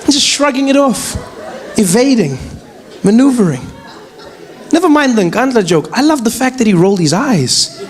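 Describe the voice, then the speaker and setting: A man doing animated, mocking stand-up comedy. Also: very high-pitched, moderate pace, long pauses. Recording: live venue with crowd noise. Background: audience laughter.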